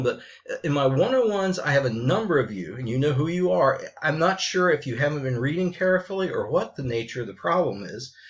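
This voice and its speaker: A man's voice: a little high, highs cut off. A middle-aged man, a college writing teacher, speaking frankly and bluntly to his students in an unscripted message, often restarting his sentences.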